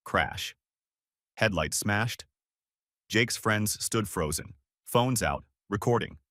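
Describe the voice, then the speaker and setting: A man's voice: on the low side, expressive, takes it slowly, a bit bright, dry recording, clean studio sound. A man narrating a dramatic first-person family story in short, terse lines.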